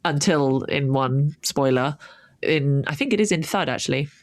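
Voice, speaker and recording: A woman's voice: low voice, moderate pace, no echo, clean studio sound. A woman co-hosting a podcast in casual chat, rambling enthusiastically with frequent laughs and fillers. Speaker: podcast co-host.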